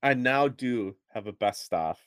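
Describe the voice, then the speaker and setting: A man's voice: mid-range voice, animated, a little slow, clear, resonant tone, no echo, clean studio sound. A man co-hosting a podcast in casual chat, rambling a bit and chuckling between phrases. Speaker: podcast co-host.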